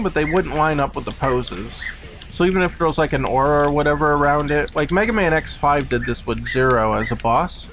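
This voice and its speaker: A young man with a somewhat high voice chats casually through a live game-development stream. He walks through his design reasoning in a loose, rambling way, leaning on filler words. Faint music plays quietly behind him. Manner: rambling and explanatory, heavy on "like".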